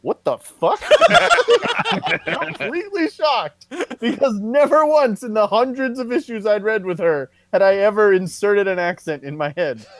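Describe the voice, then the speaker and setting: Animated man retelling stories on a podcast. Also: sits high, measured pace, dry recording. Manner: animated storyteller, acts out quotes. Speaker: podcast co-host. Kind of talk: casual chat.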